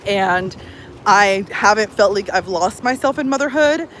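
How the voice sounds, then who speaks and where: A woman's voice: mid-range voice, expressive, measured pace, fairly bright tone, a little hiss or hum, poor audio. A woman in her thirties, a personal growth coach, chatting casually on a livestream with lots of fillers in a bubbly, talkative way.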